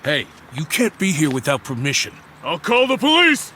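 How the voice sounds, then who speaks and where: A man's voice: on the high side, wildly swooping pitch, moderate pace, sharp tone, slight background noise, full character voice. An actor playing a stern, indignant male bodyguard.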